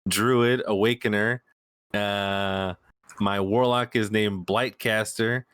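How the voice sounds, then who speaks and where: A man hosting a gaming podcast in casual chat, relaxed and swearing freely. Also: on the low side, slow pace, smooth, no echo. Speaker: podcast host.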